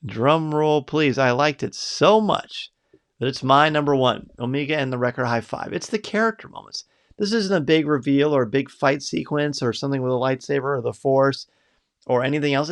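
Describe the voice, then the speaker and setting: A man's voice: medium pitch, vocal fry, fairly bright tone. A man hosting a live podcast, reading out viewers' picks in an upbeat, chatty way. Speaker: podcast host.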